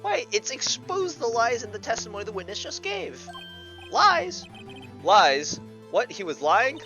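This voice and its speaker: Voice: mid-range voice, big pitch swings, measured pace, pushed and bright, dull audio, soft background music, voice pushed up, full character voice. An amateur fan dubber voicing a nervous young male defense lawyer who stammers, in a video game dub. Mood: flustered. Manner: flustered, stammering.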